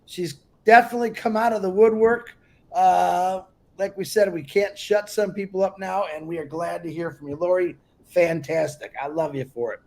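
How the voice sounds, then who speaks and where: High-voiced effusive male host. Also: moderate pace, creaky. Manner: effusive, affectionate introductions. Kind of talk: casual show hosting.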